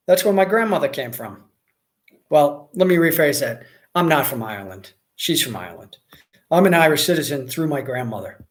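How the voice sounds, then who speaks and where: A man's voice: a little high, expressive, brisk. An American man hosting a casual livestream, reading viewer comments and chatting in a rambling way with lots of fillers and restarts. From United States. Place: Mexico.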